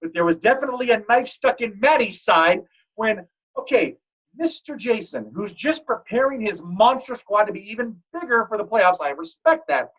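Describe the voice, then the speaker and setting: A man hosting a fantasy football league podcast, telling stories in a joking, animated way. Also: high voice, normal speed. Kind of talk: casual podcast chat. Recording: dull lo-fi audio.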